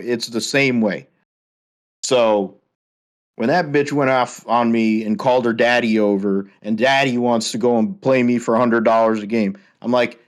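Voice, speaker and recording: A man's voice: mid-range voice, steady tone, moderate pace. A man hosting a podcast, ranting heatedly with a lot of swearing in casual chat. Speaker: podcast host.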